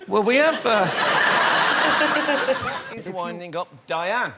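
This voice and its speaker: A man's voice: high-pitched, expressive, slow pace, over a noisy crowd. A man hosting a comedy panel show, with dry, teasing banter. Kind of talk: comic studio banter. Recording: loud studio audience and noise.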